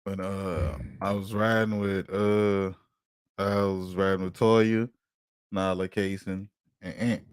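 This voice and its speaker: A man on a casual podcast telling a story in an animated, profane way and acting out the quotes. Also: low voice, takes it slowly, clean tone, no room sound, studio quality. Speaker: podcast co-host.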